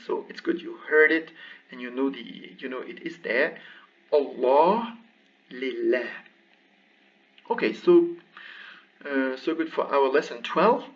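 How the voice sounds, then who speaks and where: A man teaching a recorded language lesson, slowly reading words aloud and repeating them for practice. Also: medium pitch, fairly bright tone. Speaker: Arabic teacher. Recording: distant, dull lo-fi mic.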